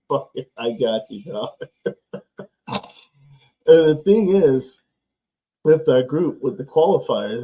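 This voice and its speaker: Guy streaming football chat, cussing and laughing a lot, mellow voice, kinda muffled audio. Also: mid-range voice. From United States. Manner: loose, profane, sarcastic, laughs often. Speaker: host of live watchalong stream. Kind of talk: casual live-stream chat. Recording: slightly dull, lo-fi stream audio.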